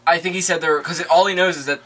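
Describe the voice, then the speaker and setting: A man with a bright voice chats casually on a podcast. He is playful, cracking jokes and hamming up quotes from the show. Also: fairly high pitch, fairly even intonation, quick pace, a little hiss or hum. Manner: playful, jokes, acts out lines. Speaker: podcast co-host. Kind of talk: casual chat recapping a TV episode.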